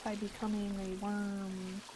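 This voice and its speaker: A young woman streaming a game, excitable and swearing freely, talking to the characters on screen. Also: medium pitch, takes it slowly, background noise. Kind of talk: casual gameplay commentary. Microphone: desk mic.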